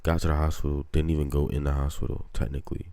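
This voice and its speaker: A man's voice: very deep voice, flat delivery, quick pace, gravelly, dark tone, no room sound. A young man telling stories in casual podcast chat, slangy and profane, often quoting himself. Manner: slangy, profane storytelling with quoted asides. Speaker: podcast co-host.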